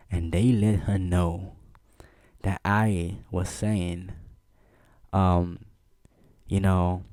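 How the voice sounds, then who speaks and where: A man telling a childhood story in casual, animated chat, laughing often and peppering it with slang. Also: on the low side, dry recording, studio quality. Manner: animated, laughing, slangy, frequent "bro" and "see what I'm saying". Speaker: vlogger.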